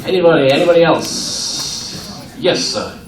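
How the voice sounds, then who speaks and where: A man answering fan questions at a convention panel, animated and playful, laughing often. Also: fairly high pitch, a little slow. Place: convention room at a university. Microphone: audience camera from far off. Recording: echoey room, far off, crowd around.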